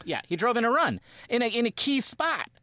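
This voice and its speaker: A man co-hosting a sports podcast with his brother, talking in a rambling, animated way and often acting out quotes. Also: very high voice, brisk, no echo. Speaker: podcast co-host. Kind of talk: casual sports chat.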